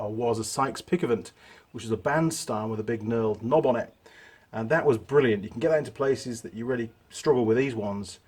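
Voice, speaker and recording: A middle-aged man's darkish, mid-range voice comes through with a little background noise as he hosts a repair tutorial in his home workshop. He chats casually, gets sidetracked by stories, and makes fun of himself along the way.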